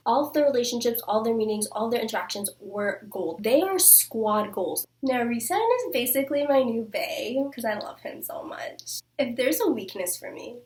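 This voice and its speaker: A young woman reviewing books in a casual vlog, gushing and saying "like" constantly. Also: a little high. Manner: gushing, fills speech with "like". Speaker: book reviewer. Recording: voice a bit far from the mic.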